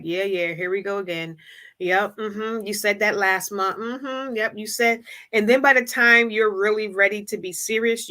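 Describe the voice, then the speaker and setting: Bright-voiced emphatic woman host. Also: medium pitch. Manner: emphatic, acts out quoted voices, casual and direct. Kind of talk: motivational live-stream talk.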